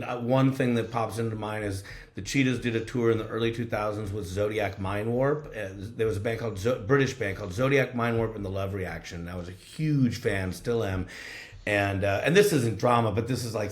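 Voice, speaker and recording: Low-voiced musician telling road stories. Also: male voice. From Los Angeles. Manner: relaxed, rambling, swears freely. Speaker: guest musician. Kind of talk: casual storytelling. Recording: roomy echo.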